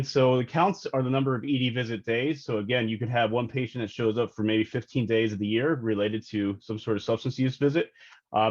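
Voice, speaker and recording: A man's voice: mid-range voice, dull audio. A man presenting data at a public health board meeting, explaining terms with many fillers as he hurries through his slides. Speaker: health department data analyst.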